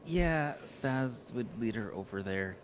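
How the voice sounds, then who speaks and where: A man at a tabletop game answers in short, unsure bursts. His voice sits at ordinary male pitch. A faint background noise hums under him. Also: animated, slow pace. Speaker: player. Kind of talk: casual game table chat.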